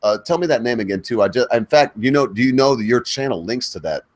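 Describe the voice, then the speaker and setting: A man's voice: mid-range voice, lively intonation, quick pace. A middle-aged man hosting a chat show, asking meandering questions and drifting into rants. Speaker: host. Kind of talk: casual chat.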